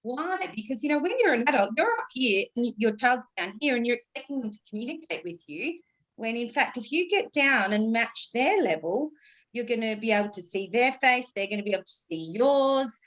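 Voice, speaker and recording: A woman's voice: a little high, lively intonation, fairly quick, fairly bright tone. A woman communication coach giving advice on a panel, explaining patiently and acting out exaggerated intonation.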